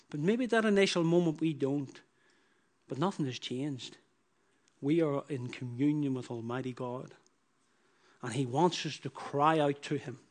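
A man delivers a sermon with repeated phrases, alternating between loud, emphatic outbursts and quiet, low-voiced lines.

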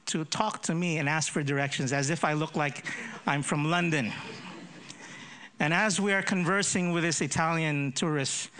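A man's voice: a little high, a bit bright. Filipino man preaching with an American lilt. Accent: Filipino with American influence. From Philippines. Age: 50s. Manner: self-deprecating jokes, repeats words when starting. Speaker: associate pastor. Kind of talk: sermon with prayer and humorous introduction.

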